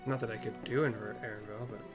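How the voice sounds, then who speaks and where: A man's voice: fairly low pitch, fairly even intonation, fast. A man narrating a game story with audio descriptions, casual and often apologizing for himself. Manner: self-deprecating, apologetic. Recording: game music behind voice.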